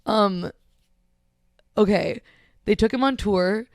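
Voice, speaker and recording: A woman co-hosting a comedy podcast, telling a story in casual banter, giggling and swearing in fast bursts. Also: medium pitch, no room sound, studio quality. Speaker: podcast co-host.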